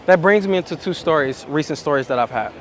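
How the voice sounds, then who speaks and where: Man coaching slowly outdoors. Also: on the high side, expressive, slight background noise. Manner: slow, repetitive, emphatic. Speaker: dating coach. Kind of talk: reflective monologue.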